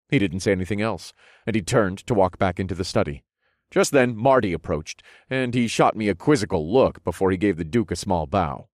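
A man with a very low voice reading a first-person fantasy audiobook. His delivery is expressive and wry, with a wide, lively pitch range. The recording is close and dry. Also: brisk, dry recording. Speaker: audiobook narrator.

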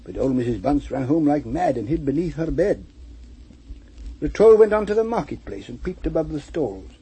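A man's voice: fairly high pitch, big pitch swings, moderate pace, warm tone, husky, poor audio. A man reading a rhymed storybook poem aloud in a rhythmic, lilting recital. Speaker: reader. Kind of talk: poetry reading.

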